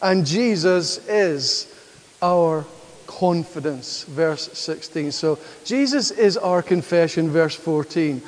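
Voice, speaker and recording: In a reverberant church hall, a pastor with a slightly high, animated voice preaches at a slow pace. His sermon builds toward emphatic declarations and draws responses from the congregation.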